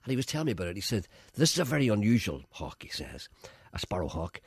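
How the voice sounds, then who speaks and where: A man's voice: lowish voice, very animated, quick pace, vocal fry, breathy edge, dry recording, clean studio sound. A man hosting a radio show, rambling through a story and acting out the lines of the people in it. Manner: rambling storyteller, acts out quotes, laughs at own tales. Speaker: radio host. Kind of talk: casual chat.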